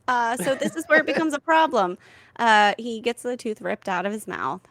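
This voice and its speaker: A woman in her thirties co-hosting a podcast, telling stories with lots of fillers and animated asides. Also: a little high, normal speed, dry recording. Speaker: podcast co-host. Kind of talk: casual comedic chat.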